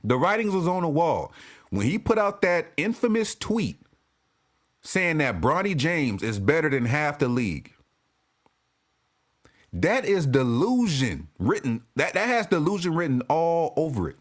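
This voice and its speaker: Give me a ranting sports fan man, swearing and repeating himself, with a lively voice. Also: fairly high pitch, a little slow. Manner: animated, profane, repetitive restarts. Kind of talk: ranting vlog.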